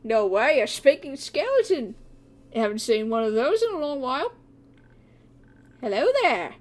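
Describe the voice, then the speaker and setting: A woman's voice: high-pitched, sing-song, moderate pace. A woman voicing a talkative, courtly old male skeleton who speaks formally and draws out his words. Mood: delighted. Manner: pompous, formal and drawn out. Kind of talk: fan voice acting of a game.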